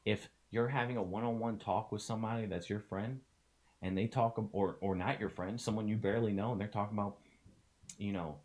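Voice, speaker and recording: A young adult man with a somewhat low voice speaks to his viewers in a casual vlog. He is blunt and passionate and swears freely. His delivery swings between low mutters and loud, fired-up outbursts. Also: fairly even intonation, fairly quick. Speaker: streamer and vlogger.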